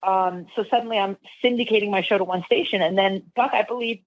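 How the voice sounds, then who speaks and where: Woman radio host as podcast guest; rambling, filler-heavy storyteller; flat-sounding, dull recording. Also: medium pitch, fast, no echo. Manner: rambling, lots of fillers and restarts. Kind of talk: casual interview storytelling.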